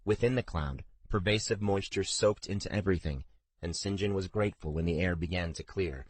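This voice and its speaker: An audiobook narrator with a very low male voice reads scripted fantasy in a measured, steady manner. The recording is dry and close, with no room sound or echo.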